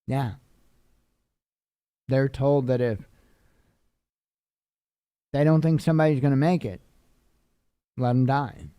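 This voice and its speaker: A man's voice: medium pitch, takes it slowly, long pauses, dark tone, smooth, dry recording. A tired man reading news headlines aloud and adding offhand casual comments. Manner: tired, yawning, offhand asides.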